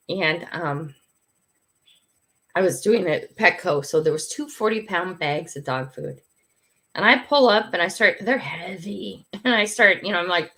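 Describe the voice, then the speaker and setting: A woman's voice: medium pitch, gravelly, fairly bright tone. An older woman hosting a casual livestream, telling stories in a chatty, bossy grandmotherly way and laughing often. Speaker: livestream host.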